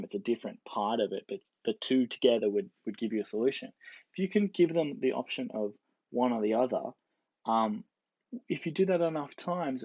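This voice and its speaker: A man's voice: medium pitch, darkish tone, husky, no echo. A man giving a casual explanatory lecture, playfully acting out the quoted characters. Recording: dull lo-fi dry recording.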